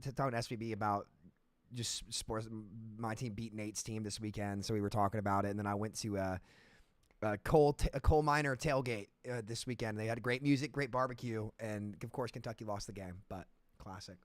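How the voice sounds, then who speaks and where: A man hosting a casual podcast chat, telling animated stories with lots of stumbles and restarts over a headset mic. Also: on the low side, a little fast, no echo. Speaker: streamer and podcast host.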